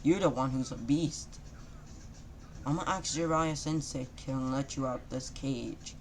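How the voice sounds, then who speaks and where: A boastful young male ninja, loud and quick to yell, his lines tumbling out in clumsy rhymes, voiced by a man telling the story. The voice stays mid-pitched and plain, close to the reader's own. A faint hiss sits under it. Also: lightly acted. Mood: defiant. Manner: shouty bursts, loose rhyming.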